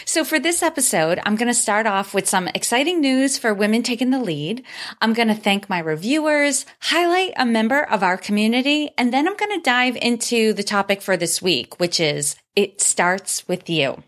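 A woman's voice: fairly high pitch, big pitch swings, normal speed, fairly bright tone. A woman hosting her own podcast, talking upbeat and grateful as she thanks listeners and reads their reviews aloud. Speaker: podcast host. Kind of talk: solo podcast monologue.

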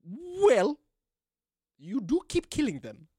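A prim, over-articulated woman mayor speaks with crisp consonants and a curious accent, as a man puts her on. Her voice sits higher and swings about, recorded close and dry. It sounds like tabletop role-play. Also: huge pitch swings, slow pace, a little mellow, no echo, exaggerated voice. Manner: odd put-on accent.

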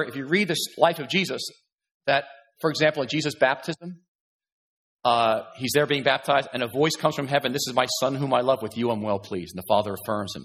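A man's voice: medium pitch, fairly bright tone. A male pastor preaching a sermon, earnest and emphatic, reading scripture and repeating words to stress his points.

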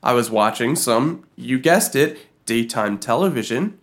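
A man co-hosting a podcast, telling a story in an animated, giggly way. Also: medium pitch, unhurried. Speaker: podcast co-host. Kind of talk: casual comedic chat.

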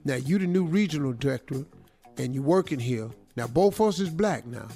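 A man's voice: fairly high pitch, animated, brisk, dark tone, breathy edge, faint music behind. A man playing a brash 43-year-old manager who talks back to his older boss in blunt street slang. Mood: confronting.

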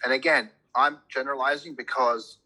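A man's voice: medium pitch, fairly even intonation, moderate pace, bright, forceful tone, poor audio. A man in casual podcast conversation, rambling with many restarts and swearing freely as he argues his point. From immigrant to a Commonwealth country. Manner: opinionated, rambling, profane, frequent restarts.

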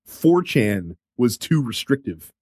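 A man's voice: mid-range voice, sing-song, slow pace, darkish tone, a little hiss or hum. A man hosting a casual gaming podcast, running through news items conversationally with fillers. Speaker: podcast host.

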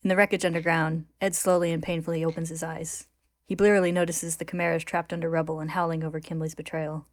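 A woman reading a story recap aloud in a steady, even narration for a podcast. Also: low-pitched, fast, no echo. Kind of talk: reading a recap aloud, then casual chat.

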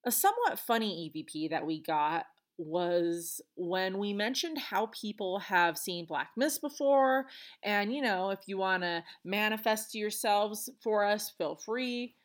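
A woman's voice: medium pitch, measured pace. A woman hosting a podcast, retelling events alone in a chatty, earnest way with casual asides. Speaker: podcast host. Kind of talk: solo podcast storytelling.

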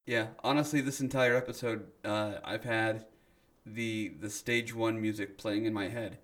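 A man's voice: fairly low pitch, fairly even intonation, a little slow, a bit bright. A man guesting on a casual podcast, talking thoughtfully and rambling a little. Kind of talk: casual chat.

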